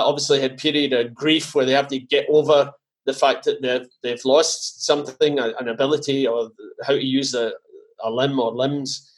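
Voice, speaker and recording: A man with a Scottish accent, a podcast guest talking casually and haltingly, with many fillers and restarts. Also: mid-range voice. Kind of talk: casual conversation.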